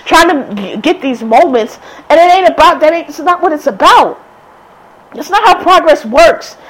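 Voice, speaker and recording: A woman's voice: on the high side, low-quality recording. A woman giving blunt, profane, heated political commentary. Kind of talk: casual ranting commentary.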